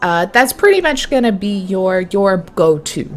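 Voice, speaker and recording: A woman's voice: mid-range voice, very animated, a little slow. A woman narrating a tabletop game as game master, playful and laughing as she corrects herself.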